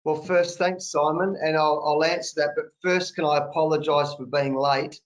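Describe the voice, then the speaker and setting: Hoarse Australian man in his fifties. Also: fairly high pitch, normal speed, rough recording. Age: 50s. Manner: animated anecdotes with colloquial slang. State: sore throat. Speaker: guest, national cricket coach. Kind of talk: conversational storytelling.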